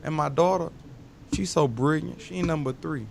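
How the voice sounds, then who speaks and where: A man talking casually as a guest, telling loose, animated stories full of slang. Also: on the high side, normal speed, vocal fry, slight background noise. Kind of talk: casual interview talk.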